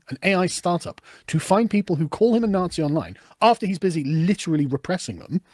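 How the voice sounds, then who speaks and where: A man commenting on news clips in a sarcastic, swearing, animated rant. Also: high-pitched, no room sound, studio quality. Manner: fast, animated, sarcastic, swears and laughs often. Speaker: political commentator.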